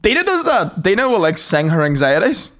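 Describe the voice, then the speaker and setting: Giggly young guy on a podcast, high voice, bouncing all over the place. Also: very animated, a little fast, a bit bright. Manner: giggly, laughs often, silly voices. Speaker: podcast co-host. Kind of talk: casual banter.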